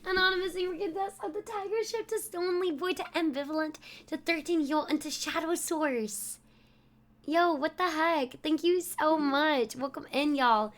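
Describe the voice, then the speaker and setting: A woman's voice: high voice, normal speed. A young woman streaming live, laughing often as she exclaims and thanks her viewers.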